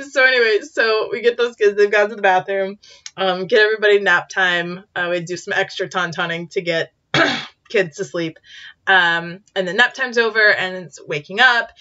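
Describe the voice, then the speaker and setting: Bright-voiced chatty woman vlogger. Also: mid-range voice, moderate pace, muffled recording. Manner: animated, many fillers, acts out quotes with squeals. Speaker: vlogger and teacher in Japan. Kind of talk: casual storytelling.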